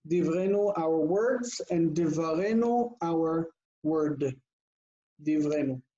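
A man teaches grammar to a class over a video call, his voice somewhat high and mellow. He works through the forms patiently, reading endings aloud and putting questions to his students. The audio is dull and lo-fi. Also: slow. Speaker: Hebrew teacher. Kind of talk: online class lecture.

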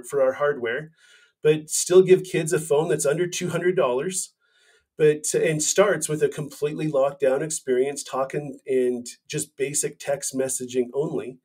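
A mellow, medium-pitched voice belongs to a man in his forties who founded a company. As a podcast guest in a casual interview, he tells his story earnestly, frequently restarting his phrases.

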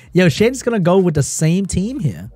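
A man giving live esports commentary on a stream, reacting excitedly, laughing often and chatting with his viewers. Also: sits high, slightly rough, no echo. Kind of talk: live game commentary while reading chat.

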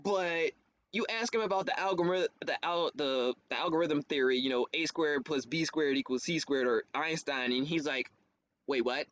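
A man, a theater actor, chatting as a guest in a casual interview, animated, laughing often and jumping up in pitch for quoted voices. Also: moderate pace. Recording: dull lo-fi stream audio with faint hiss.

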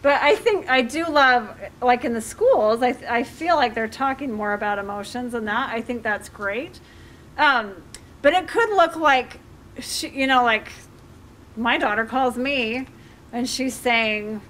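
A middle-aged woman speaking as a life coach to a community group, animated and acting out conversations with her kids. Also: on the high side, unhurried, a little hiss or hum. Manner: animated, acts out parent-child dialogue. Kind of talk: community talk with audience questions.

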